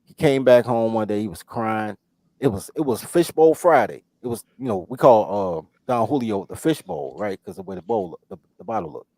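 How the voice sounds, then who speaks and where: A podcast host tells a story in loose, casual talk, his pitch swinging widely and his voice gravelly with fry. He gets loud when he acts out what he said. The sound is dry and close. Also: normal speed, no room sound. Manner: animated, loud shouting when quoting himself, profane.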